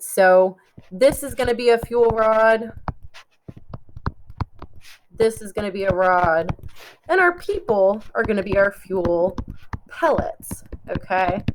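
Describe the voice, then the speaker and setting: Unhurried woman explaining while sketching. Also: mid-range voice, noisy background. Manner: chatty, checks in with "right?" often. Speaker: teacher. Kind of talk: casual explainer while drawing.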